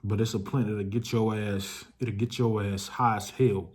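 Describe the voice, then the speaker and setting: A young adult man telling a story to his viewers in a loose, slangy, casual way, swearing freely, his voice jumping up when excited and dropping low when reflective. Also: normal speed. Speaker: vlogger.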